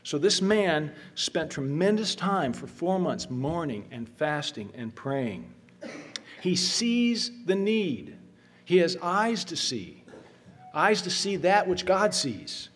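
A middle-aged man preaching a sermon, earnest and emphatic, slowing down to stress repeated phrases. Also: on the high side, very animated, slightly rough. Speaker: pastor.

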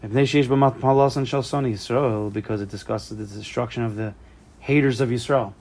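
A man's voice: medium pitch, steady tone, brisk, a little mellow. A man teaching a small study group in a casual, joking way, drifting into side stories and mixing Hebrew terms into his English. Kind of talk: casual text study class.

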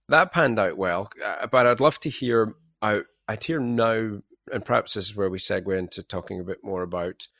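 A podcast host with a lowish voice chats casually during an interview, spinning rambling, anecdotal travel stories. The studio sound is clean, with no echo.

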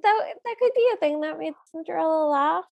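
A woman with a high voice co-hosting a podcast. She talks casually and frankly and says plainly what she does not like. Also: expressive, brisk, vocal fry. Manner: frank and opinionated, states her dislikes plainly. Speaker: podcast co-host. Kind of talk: casual chat.

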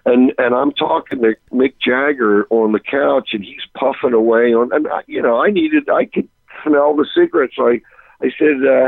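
Gravelly low man telling a lively story. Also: moderate pace, no echo, narrow, tinny audio. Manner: animated, self-interrupting, chuckling storyteller. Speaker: touring rock musician guest. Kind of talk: storytelling anecdote on a radio interview.

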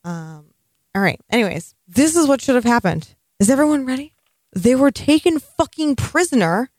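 A woman's voice: high voice, expressive, normal speed, a little mellow, no room sound, studio quality. A woman co-hosting a casual podcast, exasperated and sarcastic, swearing freely. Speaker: podcast co-host.

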